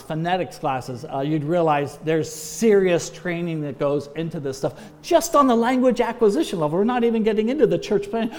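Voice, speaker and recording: A man with a fairly high speaking voice delivers an emphatic training talk as a former missions pastor. He exhorts his listeners and pads his phrases with frequent "uh"s. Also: a little mellow.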